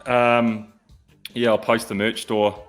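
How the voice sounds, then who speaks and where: Male host, low-pitched, relaxed and crude, faint background music. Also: slow. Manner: laid-back, blunt, crude humour. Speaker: podcast host. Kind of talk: casual chat.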